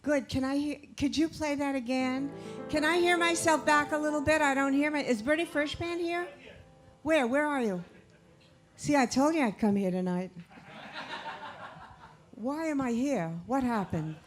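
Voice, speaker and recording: A woman's voice: high-pitched, normal speed, long pauses, faint music behind. A female comedian arriving on a cabaret stage, chatting with scattered questions to the audience. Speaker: comedian guest. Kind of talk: stage banter. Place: small cabaret club stage.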